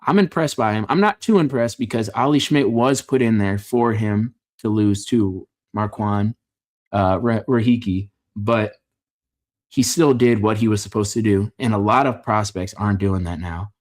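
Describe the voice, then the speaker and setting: Low-voiced man giving joking fight takes. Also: normal speed, a little mellow. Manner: opinionated, joking, rambling with self-corrections. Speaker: MMA fight reaction host. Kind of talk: casual fight-card reaction commentary.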